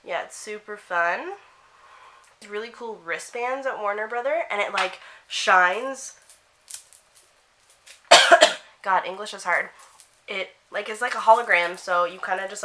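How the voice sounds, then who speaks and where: A teenage girl from Canada telling a get-ready-with-me story, animated and swearing while acting out what her friends said. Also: mid-range voice, slight background noise. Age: teens. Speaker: vlogger.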